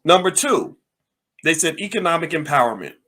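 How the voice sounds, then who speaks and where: A man's voice: a little high, very animated, normal speed, fairly bright tone. A man giving impassioned political commentary, firing off angry rhetorical questions.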